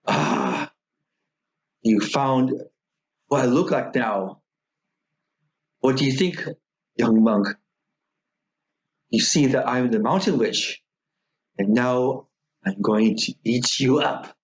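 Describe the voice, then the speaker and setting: A man's voice: mid-range voice, lively intonation, slow pace, long pauses. A man doing a sly old mountain witch. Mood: menacing. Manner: sweet coaxing that turns menacing.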